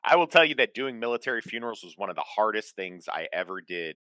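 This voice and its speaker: Bright, blunt, profane man. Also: lowish voice, fast talker, smooth, dry recording, poor audio. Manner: blunt and profane, animated storytelling. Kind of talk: casual chat.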